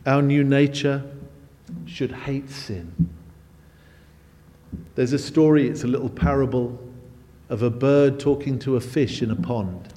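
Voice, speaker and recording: A man preaching a sermon, emphatic, with his voice swelling louder and higher on key phrases. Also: unhurried, long pauses. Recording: long hall reverb.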